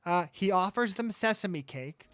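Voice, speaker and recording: A man's voice: sits high, expressive, unhurried, fairly bright tone, no room sound. A man co-hosting a casual film-review podcast, wryly summarizing scenes. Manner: wry, summarizing scenes, doing character voices. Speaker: podcast co-host.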